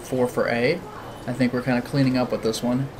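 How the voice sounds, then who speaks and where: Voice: medium pitch, level tone, fairly quick, background noise. A streamer who reads a visual novel aloud as the narrator, chats with viewers, and laughs often. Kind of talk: live-streamed visual novel reading with commentary.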